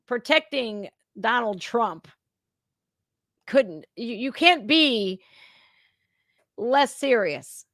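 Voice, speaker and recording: A woman's voice: on the high side, lively intonation, drawn-out words, pauses often, a bit bright, no room sound. Woman, reaction host, blunt and profane, dry close sound. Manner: blunt and profane, talks straight to viewers. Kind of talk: casual reaction commentary.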